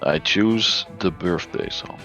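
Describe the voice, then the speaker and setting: A man's voice: sits low, slow, bright, forceful tone, soft background music. A man playing a story game with a friend, chatting casually with dry jokes. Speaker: guest player. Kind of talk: casual chat while gaming.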